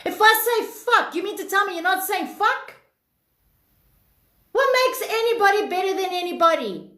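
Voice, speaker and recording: A woman's voice: extremely high pitch, animated, normal speed, sharp tone, reverberant. A woman hosting a self-help livestream, reading out viewers' comments and preaching bluntly, with plenty of swearing.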